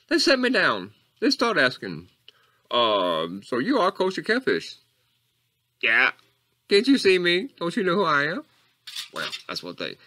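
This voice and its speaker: A man doing rambling Coach Catfish, wildly swinging pitch. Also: pushed and bright, heavily acted. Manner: rambling, tangent-prone, jumps between squeaky highs and low mutters. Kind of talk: comedic character monologue.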